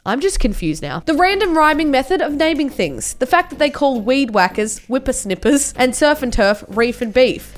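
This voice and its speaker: Young aussie woman vlogging, high voice bouncing all over, faint music under her. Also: a little fast. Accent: Australian. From Australia. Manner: animated, mock-defensive, swings from loud outbursts to mumbled asides. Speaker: YouTuber. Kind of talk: comedic vlog commentary.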